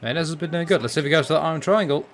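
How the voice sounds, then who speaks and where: A man's voice: fairly high pitch, rapid-fire, a little hiss or hum. A tired man chatting casually and joking while commentating on a game he plays, rambling and restarting his sentences. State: tired, yawning. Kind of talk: casual chat over gameplay.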